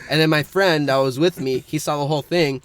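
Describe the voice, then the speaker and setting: A man's voice: a little high, fairly even intonation, moderate pace, smooth, no room sound. A young man co-hosting a casual podcast, rambling through a story and laughing often. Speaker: podcast co-host.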